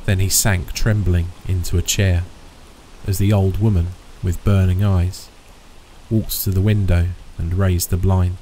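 A man with a very deep, dark, mellow voice reads a horror story aloud, slow and ominous. Faint rain hisses softly behind him. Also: low-quality recording. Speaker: narrator. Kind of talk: scripted horror narration.

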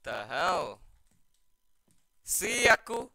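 High, lively, jumpy gaming man. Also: extremely slow, creaky, a little hiss or hum, poor audio. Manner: jumpy, excitable, drops to hushed mutters when scared. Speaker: gamer playing a horror game. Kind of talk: let's play commentary.

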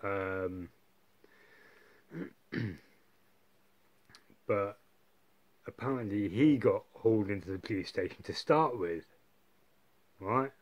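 A man's voice: on the low side, slow, pauses often, lo-fi sound. A man telling a long story to camera, rambling and swearing heavily, with constant tag questions like "yeah" and "right". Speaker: vlogger. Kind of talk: casual monologue.

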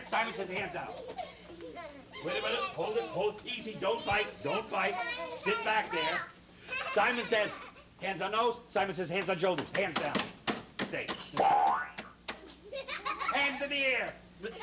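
A man hosting a children's TV show, leading the kids in games with teasing jokes and quick asides. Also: high voice, very noisy. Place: TV studio with children.

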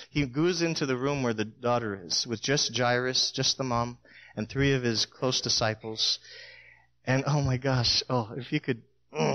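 A middle-aged man preaching a sermon in a church, telling stories with lively acted-out quotes. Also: medium pitch. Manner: storytelling, animated, acts out voices in quotes.

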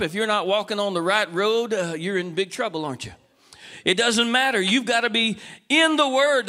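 A man preaching a folksy sermon, asking the congregation questions and moving from quiet, casual talk to raised, urgent calls. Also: sits high, long reverb tail. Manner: swings between soft conversational talk and raised, urgent exhortation. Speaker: pastor. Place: church sanctuary.

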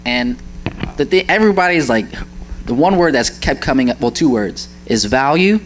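A man's voice: medium pitch, animated, moderate pace, a little hiss or hum, rough recording. Earnest young man sharing a testimony. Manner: earnest, searching for words, laughs often. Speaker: church member sharing a testimony. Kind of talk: heartfelt personal testimony.

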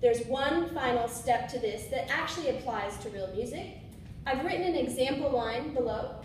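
Casually instructing musicians on swing phrasing, a woman sings syllables and corrects herself as she goes. She has a high voice with lively intonation and a moderate pace. The recording comes from a far-off mic in an echoey room with a board, with slight background noise.

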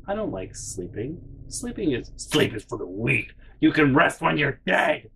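A man hosting a storytime vlog, rambling and swearing as he tells family anecdotes. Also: mid-range voice. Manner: rambling, profane, animated. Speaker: channel host.

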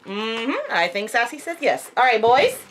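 Bright, high, lively woman vlogger at home, chatty and excitable, cooing at her dogs. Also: measured pace, slight background noise. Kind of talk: casual unboxing vlog.

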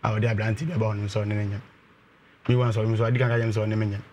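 A man calling in to tell a personal problem, speaking in a slow, halting way. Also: on the low side, flat delivery, darkish tone, slight background noise. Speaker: caller.

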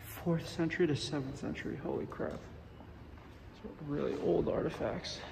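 Young man vlogger, slightly high voice, winded, wry commentary, noisy handheld sound. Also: fairly even intonation, brisk, creaky. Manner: chatty, wry asides, exclamations. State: out of breath. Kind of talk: casual vlog commentary while walking. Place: campus buildings and museum, indoors.

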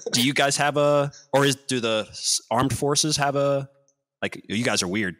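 A man hosting a casual chat, telling a long, rambling story with animated bursts and frequent laughter. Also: mid-range voice, normal speed. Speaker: podcast host.

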